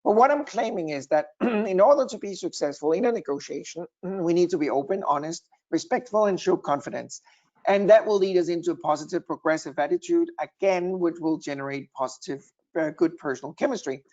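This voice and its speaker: A man's voice: fairly high pitch, brisk, darkish tone, highs cut off. A man, a guest expert, presenting slides on a webinar and building his points in lists.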